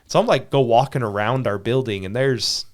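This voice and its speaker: A man in a casual podcast chat, telling a story with lively acted-out quotes and frequent laughter. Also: mid-range voice, normal speed. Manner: animated storyteller, acts out quoted dialogue, laughs often. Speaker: podcast co-host.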